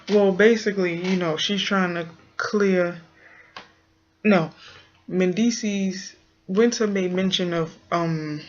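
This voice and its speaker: A woman's voice: on the low side, slight background noise. A woman giving a blunt, sassy, slang-heavy casual recap of a TV episode. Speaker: TV recap vlogger. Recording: muffled lo-fi recording.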